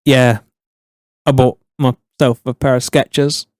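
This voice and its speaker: A man co-hosting a podcast in blunt, sweary, deadpan banter. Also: medium pitch, a little slow, dry recording, clean studio sound. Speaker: podcast co-host. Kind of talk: casual banter.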